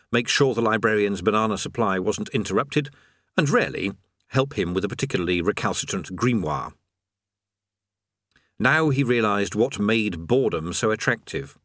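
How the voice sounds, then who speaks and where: A male audiobook narrator with a lively, animated delivery, reading comic fantasy in an expressive, dry way. The recording is close and dead, with no room echo. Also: lowish voice. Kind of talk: scripted narration.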